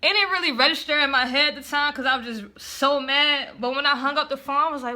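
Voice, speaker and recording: A young woman tells a casual story on camera. Her voice is very bright and pitched a little high, and she plays out her own past lines as she goes, cursing freely. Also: fast, few pauses. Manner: animated retelling, acts out own past lines, heavy swearing. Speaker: vlogger telling a story.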